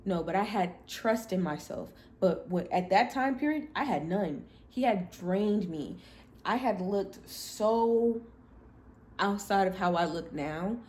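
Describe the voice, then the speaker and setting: A young adult woman hosting a podcast, telling a personal story in a candid, blunt and expressive way. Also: fairly low pitch, measured pace, few pauses. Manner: blunt, expressive, animated when quoting herself. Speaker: podcast host.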